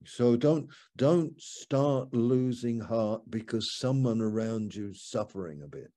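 A man's voice: mid-range voice, slow, mellow. An older man giving an informal, conversational sermon from the upstairs lounge of a home, reading scripture aloud as he reflects. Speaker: preacher.

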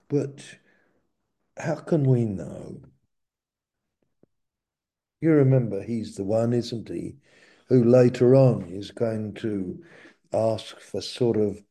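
A man preaching a sermon in a slow, reflective way, often sinking to a quiet murmur. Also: medium pitch.

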